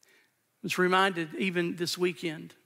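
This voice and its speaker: High bright-voiced preacher in a reverberant sanctuary. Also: male voice, flat delivery, unhurried. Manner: earnest, emphatic, repeats phrases for weight. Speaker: pastor. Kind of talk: sermon. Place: church sanctuary during a live service. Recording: long church hall reverb.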